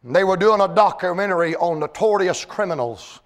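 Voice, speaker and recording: A man preaching a sermon, mixing folksy homespun stories with rising, shouted, drawn-out preaching. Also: high-pitched, lively intonation. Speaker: pastor.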